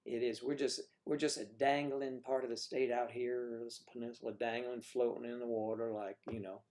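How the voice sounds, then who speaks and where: Here a livestream host from the northern US keeps things casual, joking around and reading viewer comments out loud as he responds. He speaks at a normal speed with a medium pitch, a flat delivery and a slightly mellow tone.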